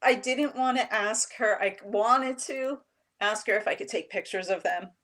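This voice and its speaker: A woman who teaches high school English, telling classroom stories in a casual, animated way and acting out what her students said. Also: normal speed, slight background noise. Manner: animated storytelling, acts out students' quotes. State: emotional, near tears. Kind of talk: casual chat.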